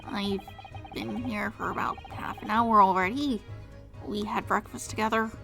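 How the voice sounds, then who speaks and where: A woman's voice: mid-range voice, fairly even intonation, normal speed, gravelly, natural voice. A woman voicing a cheerful, eager young girl. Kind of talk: reading game dialogue aloud. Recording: game music behind.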